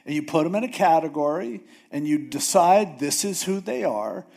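A man's voice: fairly high pitch, animated, normal speed, creaky, darkish tone. A man preaching a casual sermon in a conversational way, often acting out biblical figures. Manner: conversational, acts out Bible figures.

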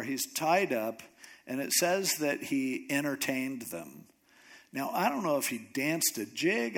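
A man preaching a sermon, retelling a story in a lively, joking way with asides. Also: a little high, creaky.

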